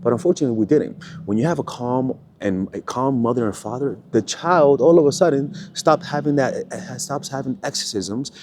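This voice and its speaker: A man giving a casual coaching monologue, animated and profane, checking in with the listener with "right?" after nearly every point. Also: medium pitch, normal speed, few pauses, a little hiss or hum. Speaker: dating coach.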